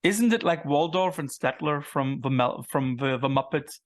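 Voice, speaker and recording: A man's voice: fairly high pitch, animated, moderate pace. A man interviewing a guest in a chatty, rambling way with many fillers. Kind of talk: casual interview talk.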